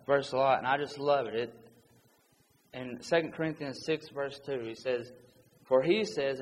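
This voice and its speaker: A man preaching a sermon, reading scripture aloud in an earnest, urgent manner. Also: mid-range voice. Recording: long hall reverb with faint background noise.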